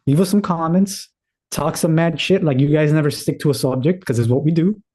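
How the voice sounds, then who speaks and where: A man's voice: fairly high pitch, brisk, dark tone. A man co-hosting a podcast in loose, rambling casual chat, laughing easily. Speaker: podcast co-host.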